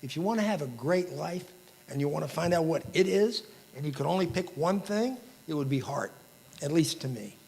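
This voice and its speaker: A man's voice: fairly high pitch, lively intonation, moderate pace, vocal fry, a little mellow. A man giving an emotional, inspirational banquet keynote speech, quoting famous sayings. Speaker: keynote speaker. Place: large banquet hall. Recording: reverberant hall.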